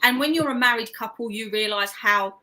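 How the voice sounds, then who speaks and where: A woman's voice: fairly high pitch, brisk, sharp tone, poor audio. A woman with a London accent, a guest author chatting casually on a live stream, laughing often and restarting her sentences. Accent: London English. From London, England.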